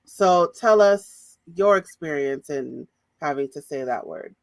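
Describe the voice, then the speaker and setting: A woman hosting an interview, asking questions in a measured, calm way. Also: sits low, no room sound. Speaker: host.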